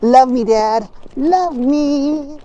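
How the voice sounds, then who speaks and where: A man voicing his excitable, affectionate female pet dog in a vlog, with eager, repetitive begging. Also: extremely high pitch, drawn-out words, lo-fi sound, a little hiss or hum, pitched above the performer's own voice, heavily acted.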